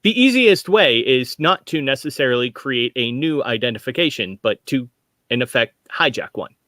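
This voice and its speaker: A man playing a formal, stiff young man raised by a company, speaking in halting, measured sentences without contractions during a tabletop role-play. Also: medium pitch, lively intonation, bright, forceful tone, dry recording, clean studio sound.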